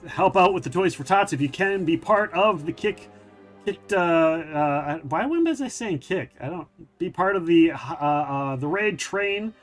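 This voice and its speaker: A middle-aged man hosting a gaming stream, chatting casually in a rambling, hesitant way with many fillers. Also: on the high side. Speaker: streamer host.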